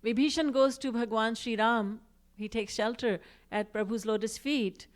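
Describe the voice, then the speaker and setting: A woman's voice: a little high, steady tone, moderate pace. A woman giving a devotional discourse, reciting verses and acting out quoted speech with expression. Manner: recites Sanskrit and Hindi verses. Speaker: spiritual teacher.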